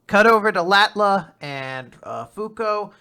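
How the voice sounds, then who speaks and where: Podcast co-host, young man, lively, bright tone, playful storyteller. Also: sits high, vocal fry, clear, resonant tone. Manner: animated, laughs often, quotes characters in quick put-on voices. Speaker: podcast co-host recapping manga chapters. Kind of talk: casual chat, retelling scenes.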